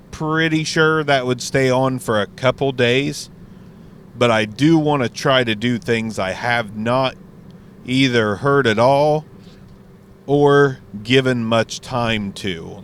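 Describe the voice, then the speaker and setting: A man's voice: medium pitch, slow, a little hiss or hum. A man talking casually and rambling about albums, swearing freely while driving. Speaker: music reaction vlogger. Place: inside a car.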